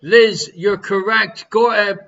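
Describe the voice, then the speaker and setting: Jokey Irish quiz host, bright tone. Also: male voice, high-pitched, steady tone, slow, muffled recording. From Ireland. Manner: jokey, chatty, reads out answers. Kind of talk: live online pub-style quiz. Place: living room at home.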